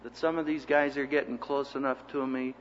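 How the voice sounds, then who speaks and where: A man teaching a seminary class in a sermon-style lecture, an animated storyteller who acts out the people he quotes. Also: medium pitch, brisk, big-room sound, highs cut off, slight background noise.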